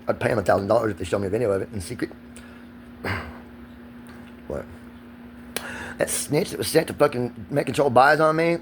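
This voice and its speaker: A man's voice: mid-range voice, vocal fry, slight background noise. A man, ranting in a profane, agitated and rambling vlog monologue recorded outdoors. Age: 40s.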